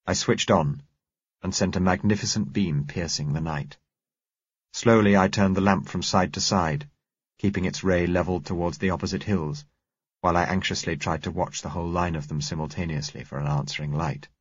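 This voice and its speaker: A man reading a first-person story aloud in a measured, steady narration. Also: sits low, breathy edge, dry recording, muffled recording. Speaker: audiobook narrator.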